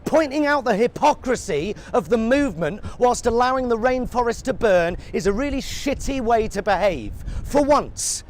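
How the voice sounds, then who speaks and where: A man with a notably high voice rants in a sarcastic, swear-laden monologue. Faint noise hums behind him. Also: animated, moderate pace, few pauses. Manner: sarcastic, angry, profane. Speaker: satirical commentator.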